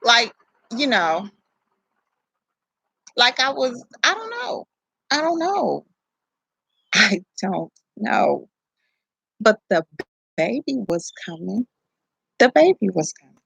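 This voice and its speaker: A young adult woman, telling a personal story to camera in a candid, profane, animated way. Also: on the high side, takes it slowly, creaky, long pauses, husky, no echo, rough recording. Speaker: vlogger.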